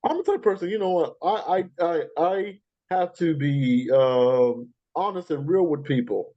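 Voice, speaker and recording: A man's voice: a little high, animated, moderate pace, dark tone, lo-fi sound. A man hosting a music countdown podcast in a casual, chatty way. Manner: chatty, with frequent fillers and laughs. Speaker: podcast host. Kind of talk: casual countdown show chat.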